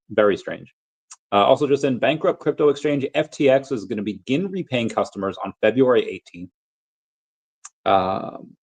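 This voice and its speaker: A man hosting a casual livestream, rambling and thinking aloud with lots of fillers as he reads chat messages. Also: fairly low pitch. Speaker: crypto livestream host. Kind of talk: casual livestream chat reading super chats.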